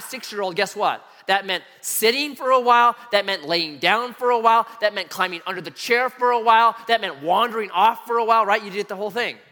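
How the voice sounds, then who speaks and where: A male pastor with a high voice shares personal stories during a sermon, performing the voices of the people he quotes. His lively delivery carries a big-room sound.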